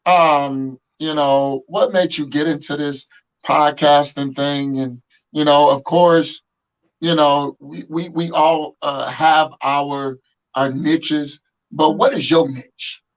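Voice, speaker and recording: A man hosting a podcast interview in a relaxed, drawn-out casual way. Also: a little high, low-quality recording. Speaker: podcast host.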